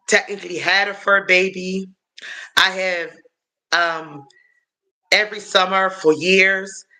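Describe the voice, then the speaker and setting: High, bright-voiced man chatting on a live stream. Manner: rambling and chatty, addresses viewers as y'all; halting, with frequent um and uh fillers. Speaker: livestream host answering chat. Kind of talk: casual live-stream chat.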